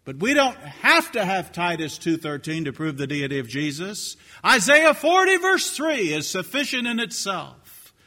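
A man's voice: high voice, big pitch swings, unhurried. Dramatic older man preaching in a hall. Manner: dramatic swings between hushed and shouting. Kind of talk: sermon.

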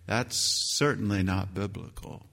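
Speaking at a measured pace with vocal fry, this man preaches as a pastor, emphatic throughout and jumping up in pitch and volume whenever he hits key phrases or quotes scripture. The sound carries a long hall reverb.

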